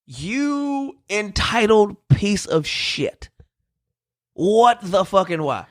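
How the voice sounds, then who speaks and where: A man's voice: sits high, very animated, very slow. A man co-hosting a casual podcast chat, cursing freely, laughing a lot and mimicking accents. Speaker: podcast co-host.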